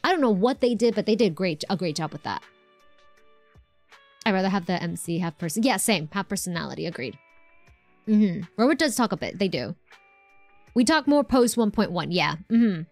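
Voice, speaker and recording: A woman's voice: medium pitch, lively intonation, normal speed, long pauses, darkish tone, soft background music. Chatty woman streaming a game. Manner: chatty, rambling, answers chat, lots of fillers. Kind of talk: casual live-stream chat over gameplay.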